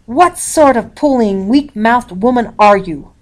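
A woman's voice: on the high side, expressive, a little slow, voice pushed up. A woman voicing a stern, commanding colonial father who roars orders, read from a storybook. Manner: roaring, commanding.

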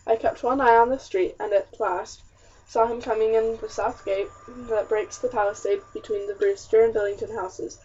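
Lady reading a period story out loud, bit high, sounds far off and dull. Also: fairly even intonation, normal speed, breathy edge. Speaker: audiobook narrator. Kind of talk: first-person audiobook narration. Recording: distant, dull lo-fi recording.

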